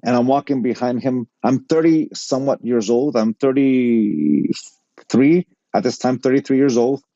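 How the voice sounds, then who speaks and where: A middle-aged man tells a personal story with a mellow, dark-toned voice and acts out each line of dialogue. The sound is close and dry, a little dull and lo-fi. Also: mid-range voice, measured pace, no echo. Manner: animated anecdote-telling, quotes people in dialogue. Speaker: podcast guest.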